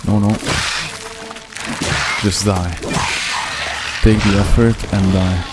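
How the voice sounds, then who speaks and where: Speaking slowly in a deep voice with little pitch movement, a man hosts a laid-back let's-play for his gaming channel. He jokes and mutters to himself while playing, with game music blaring in the background.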